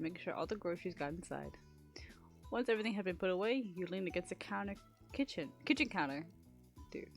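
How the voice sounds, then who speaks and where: A woman streamer reads a story game's narration aloud in a mid-range voice, breaking off into chatty, swearing asides. Soft game music plays underneath. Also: mid-range voice. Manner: chatty, laughs and swears between lines. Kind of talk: reading a visual novel aloud on a live stream.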